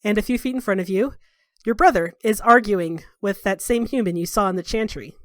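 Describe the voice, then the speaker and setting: A woman's voice: mid-range voice, fairly quick, no room sound, clean studio sound. A woman game master narrating a tabletop game casually, with plenty of fillers.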